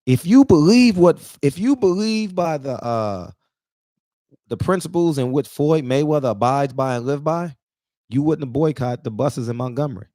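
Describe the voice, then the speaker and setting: A man's voice: fairly high pitch, expressive, moderate pace, warm tone, dry recording, studio quality. A man in his forties, emotional and near tears, delivering an emphatic, preachy casual monologue that repeats points for emphasis. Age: 40s. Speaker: barbershop talk show regular.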